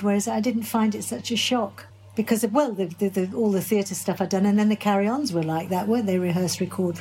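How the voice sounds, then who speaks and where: A woman's voice: mid-range voice, warm tone, a little hiss or hum. An older woman from Birmingham, an actress being interviewed, answering in a chatty, enthusiastic way. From Birmingham, England. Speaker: actress guest.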